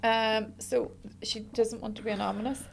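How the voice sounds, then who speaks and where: A woman with a Northern Irish accent co-hosting a podcast, reading a sponsor spot and teasing her co-host in a brisk way. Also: on the high side, little pitch movement, gravelly, husky. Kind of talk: casual chat, reading an ad.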